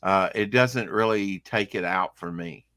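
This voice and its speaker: Low-voiced rambling man. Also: a little slow, fairly bright tone, no echo, studio quality. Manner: rambling, lots of fillers and restarts. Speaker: streamer. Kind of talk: casual gaming chat.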